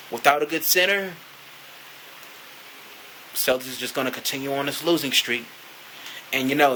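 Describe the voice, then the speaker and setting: Guy doing a sweary rambling fan rant to his camera, bright sharp voice, lots of "you know". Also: medium pitch, a little hiss or hum, low-quality recording. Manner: profane, rambling, frequent "you know" fillers. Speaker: vlogger, sports fan.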